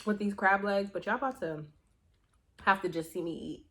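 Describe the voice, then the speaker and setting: A young adult woman vlogger chatting casually to her viewers, telling a story in an animated way with slang and swearing. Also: mid-range voice, normal speed, a little hiss or hum. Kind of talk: casual chat to camera.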